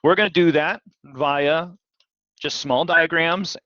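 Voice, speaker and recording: A man teaching physiology in a live online lecture, animated and questioning, repeating key words. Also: a little high, slow pace, no echo. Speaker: physiology instructor. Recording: dull, dry video-call audio.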